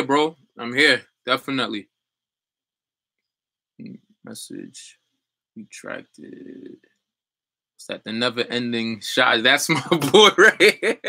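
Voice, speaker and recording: A man's voice: fairly high pitch, pushed and bright, no echo. A young adult man chatting loosely on a livestream as a business coach, full of fillers and restarts while reading viewer comments.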